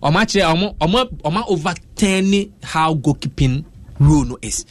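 A man's voice: fairly high pitch, expressive, moderate pace. A man giving football analysis on a radio show. He talks emphatically, with hesitant restarts and pidgin turns.

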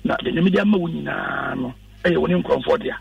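A man's voice: on the high side, fast talker, vocal fry, no room sound, far from the mic, muffled recording. A man, a pastor speaking as a radio guest in an earnest, instructive preaching style. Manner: earnest, instructive, quotes scripture.

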